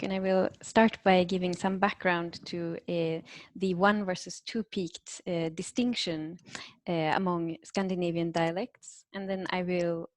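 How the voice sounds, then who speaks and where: A woman from Sweden giving an academic lecture, explaining step by step in a measured way with some fillers. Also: lowish voice, no echo. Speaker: guest lecturer.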